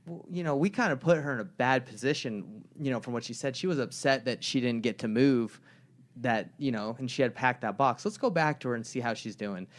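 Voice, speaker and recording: A young man co-hosting a casual podcast conversation. His voice sits at an ordinary middle pitch. He rambles through stories and slips into the voices of the people he describes. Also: brisk. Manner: rambling storyteller who acts out the people in his anecdotes. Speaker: podcast co-host.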